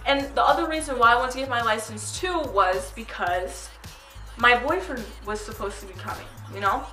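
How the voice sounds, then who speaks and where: Bright-voiced teenage girl in an echoey room. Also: a little high. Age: teens. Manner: chatty, animated retelling with quoted voices. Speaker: vlogger. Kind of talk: casual storytelling vlog. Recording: echoey room, mic at a distance, faint music.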